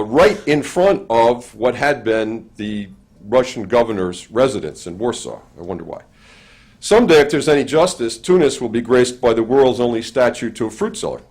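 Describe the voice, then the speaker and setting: An older man with a grandson, speaking as a panelist and giving an academic lecture in a measured, dryly humorous way. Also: mid-range voice, a little mellow.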